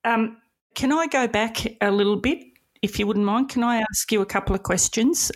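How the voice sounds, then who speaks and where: A woman hosting an interview, effusive and quick to laugh as she reacts to her guest. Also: on the high side. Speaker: podcast host. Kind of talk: conversational interview.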